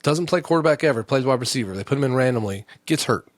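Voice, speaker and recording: A man's voice: medium pitch, animated, quick pace, dry recording. A man hosting a comedy podcast, telling a long story in a heated, indignant, rambling way with many restarts. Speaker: podcast host. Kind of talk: casual storytelling rant.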